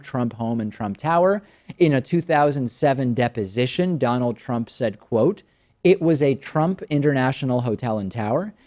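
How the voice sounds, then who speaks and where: A man's voice: mid-range voice, warm tone. A man in his thirties delivers scripted political commentary in a mid-range voice. He reads quotes aloud with a mocking, sarcastic bite. His delivery is that of a show host working through a prepared rundown.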